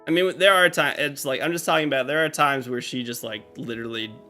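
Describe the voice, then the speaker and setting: A man's voice: medium pitch, fast, sharp tone. A man chatting casually on a live game stream, rambling with lots of fillers and restarts. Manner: rambling, filler-heavy talk with many restarts. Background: faint game music.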